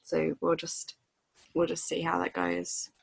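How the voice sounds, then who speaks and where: Woman, podcast co-host, lower register, dry booth sound, casual and animated. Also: unhurried, vocal fry, breathy edge, no echo. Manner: chatty, acts out quotes in silly voices. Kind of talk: casual book discussion.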